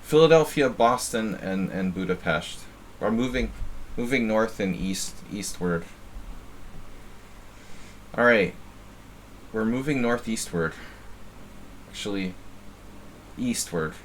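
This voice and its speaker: A man's voice: lowish voice, animated, slow pace, pauses often, slight background noise. A man from New Jersey giving casual live-stream chess commentary, thinking aloud and often repeating words as he muses. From New Jersey, USA.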